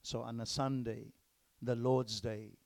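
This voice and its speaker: Gravelly preacher, whispers to exclamations. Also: male voice, mid-range voice, level tone, slow. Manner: emphatic, swings between loud exclamations and hushed whispers. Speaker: pastor. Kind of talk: sermon.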